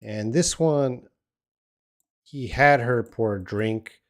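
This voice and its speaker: A man's voice: mid-range voice, takes it slowly. A middle-aged man teaching English on a live stream, answering viewers' questions and thinking aloud with hesitant restarts. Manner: encouraging.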